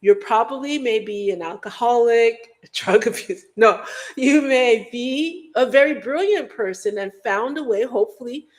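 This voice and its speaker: On her livestream, a middle-aged Guyanese woman chats in a rambling, casual way at normal speed, her voice on the high side. She sometimes hums beats or slips into mock voices.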